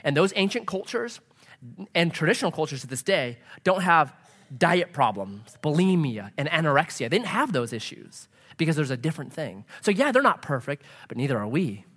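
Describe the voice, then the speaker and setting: A man's voice: fairly high pitch, moderate pace, long reverb tail. A middle-aged man, a pastor, preaching a sermon and telling a story, acting out the voices of the people in it. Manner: animated, acts out quoted voices.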